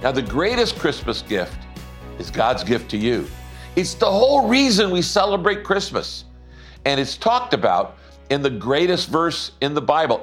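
A middle-aged man preaching a sermon, emphatic, slowing down to stress scripture. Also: medium pitch, fairly bright tone. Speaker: pastor.

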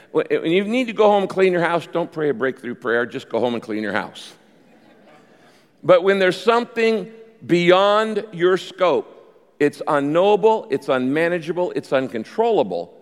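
A man preaching to a congregation, his voice sitting a little high and swinging widely in pitch as he works the room. He acts out the quotes and lets key phrases slow down for weight. His voice carries the long reverb of a large hall. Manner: animated preaching with quick pace changes and voiced quotes. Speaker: pastor. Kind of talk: sermon.

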